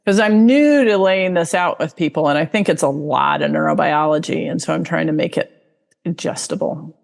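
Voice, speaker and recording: A woman's voice: deep voice, normal speed, creaky, big-room sound. A woman giving a casual online talk as a guest expert, chatty and full of fillers, now and then acting out inner voices. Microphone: video call mic.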